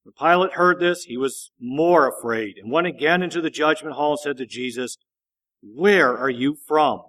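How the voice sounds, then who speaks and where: A man reading a Bible passage aloud in a measured, steady narration. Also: on the high side. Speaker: scripture reader.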